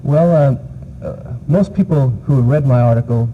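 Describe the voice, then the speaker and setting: A New York man who teaches English answers interview questions in a medium-pitched voice at normal speed. He hesitates a lot, filling gaps with uh and um. The audio is muffled archival TV sound with a faint hiss.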